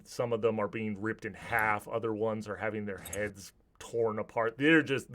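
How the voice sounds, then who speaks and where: A man's voice: fairly low pitch, fairly bright tone. A man narrating a tabletop game as game master, describing scenes vividly with some restarts.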